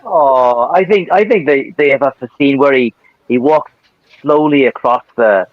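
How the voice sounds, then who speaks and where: A man's voice: medium pitch, measured pace, no echo, lo-fi sound. A male co-host in a casual comedic chat who drops dry wisecracks.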